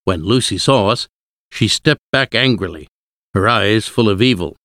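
A man narrating a storybook in a slow, measured, clear reading. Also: on the low side, lively intonation, a bit bright, dry recording, studio quality.

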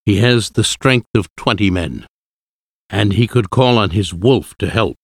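A man's voice: on the low side, lively intonation, measured pace, dry recording, studio quality. A man reading the part of an elderly vampire-hunting professor, solemn and firm. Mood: grave.

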